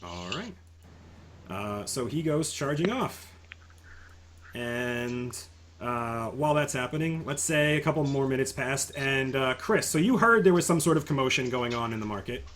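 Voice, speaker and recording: A man's voice: medium pitch, animated, normal speed, fairly bright tone. Guy gm narrating a tabletop session, lots of restarts, bit of background hiss. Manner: stammering, restarts a lot. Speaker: game master. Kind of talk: narrating a tabletop game over voice chat.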